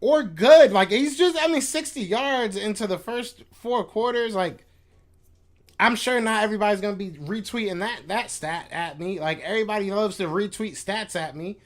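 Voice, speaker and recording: Frustrated man ranting, fairly high voice. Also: normal speed. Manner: frustrated, venting, repetitive, slangy. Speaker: podcast host reacting to chat. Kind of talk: casual fan rant on a live stream.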